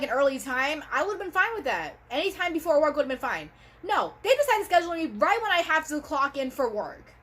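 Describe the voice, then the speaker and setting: A woman vlogger talking straight to her camera in a casual, rambling monologue, full of fillers like "you know" and "like.". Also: high-pitched.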